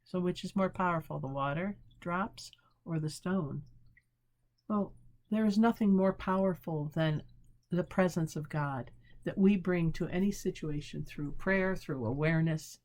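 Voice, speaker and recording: A woman pastor giving a short prayerful devotional talk, gentle and unhurried, reading a devotion slowly and searching for words as she reflects. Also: fairly low pitch.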